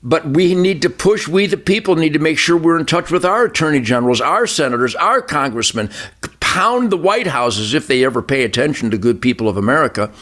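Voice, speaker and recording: A man's voice: on the high side, lively intonation, brisk, a bit bright. An older man hosting a political talk show, ranting fiery and emphatic, with lots of repetition. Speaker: show host.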